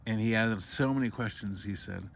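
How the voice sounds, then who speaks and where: A man's voice: normal speed, creaky, slight background noise. Rambling man telling a campfire horror story. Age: adult parent. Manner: rambling, repeats and restarts, rises to high cries for the boy's voice. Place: outdoors by a campfire in the woods.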